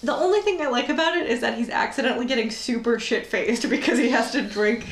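Sarcastic, swearing woman recapping a film. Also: fairly high pitch. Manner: swearing, sarcastic, quick asides. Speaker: podcast co-host. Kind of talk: casual movie recap chat. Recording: roomy echo.

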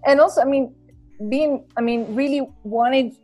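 Woman, chatty guest, frequent laughter, slightly high voice. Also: slow pace, a little mellow, faint music behind. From Bolivia. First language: Spanish. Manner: laughs often, many fillers and restarts. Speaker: podcast guest, English school founder. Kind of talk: casual chat.

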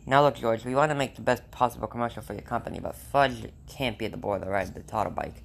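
A man's voice: mid-range voice, fast talker, vocal fry, fairly bright tone, a little hiss or hum. A man reading aloud, voicing a busy father who answers curtly and firmly. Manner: firm, curt. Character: busy, stern father in advertising.

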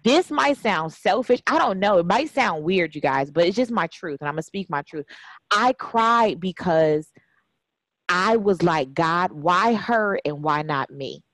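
A woman hosting a podcast, talking in a heartfelt and expressive way with laughs and sudden rises in pitch. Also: a little slow, no room sound, rough recording. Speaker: podcast host. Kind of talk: emotional casual conversation.

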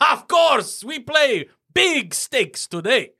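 A man voicing a loud, boastful male ice dwarf gambler in broken English with a put-on dwarf accent. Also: very animated, drawn-out words, exaggerated voice. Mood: boisterous. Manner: booming broken English, swaggering.

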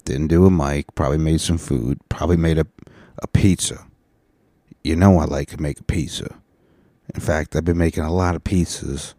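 A man hosting a casual solo podcast, tired and rambling, profane, sometimes breaking into loud rants, speaking into a mic on a stand. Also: very deep voice, steady tone, normal speed, dry recording, clean studio sound. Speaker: podcast host. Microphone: studio mic on a stand.

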